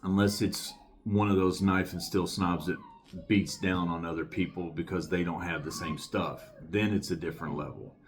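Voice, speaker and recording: A man with a slightly low voice gives a casual knife review to camera. He talks emphatically and with plain enthusiasm, circling back to hammer the same points again and again. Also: fairly even intonation, normal speed. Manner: emphatic, enthusiastic, repeats himself.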